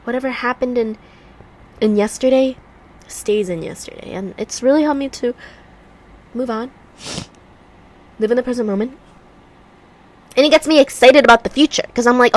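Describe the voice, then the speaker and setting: A woman's voice: on the high side, normal speed, pauses often, a little hiss or hum. A woman vlogging at home, chatting casually while she works on a puzzle, rambling through stories with a congested voice. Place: room at home by a heater.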